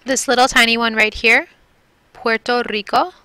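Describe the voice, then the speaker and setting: Bright, crisp woman teaching Spanish. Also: fairly high pitch, fairly even intonation, normal speed, no echo. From Milwaukee, Wisconsin, USA. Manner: clear, patient, repeats and drills words. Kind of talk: recorded classroom lesson.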